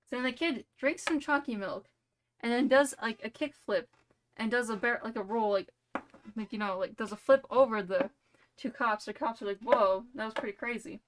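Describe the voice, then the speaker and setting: A woman's voice: on the high side, normal speed, a little hiss or hum. A young woman streamer telling a rambling, playful made-up story full of "like" and "you know".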